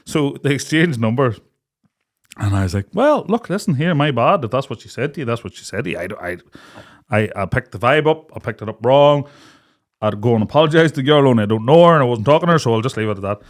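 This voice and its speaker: A man's voice: mid-range voice, fast talker. Swearing Irish man telling a story. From Ireland. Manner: animated, laughing, swears freely, acts out quotes. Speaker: podcast co-host. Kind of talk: casual storytelling chat.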